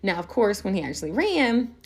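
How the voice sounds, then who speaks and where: A woman hosting a podcast, a schoolteacher telling a story in a casual, animated way, laughing often. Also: mid-range voice, brisk, slightly rough. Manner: animated, laughs often, acts out children's voices. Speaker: podcast host; elementary school teacher.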